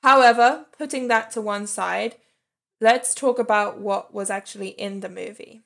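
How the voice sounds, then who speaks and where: A woman's voice: mid-range voice, moderate pace, vocal fry, fairly bright tone. A woman in her thirties giving a chatty, candid spoken movie review and laughing lightly between points. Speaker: film reviewer.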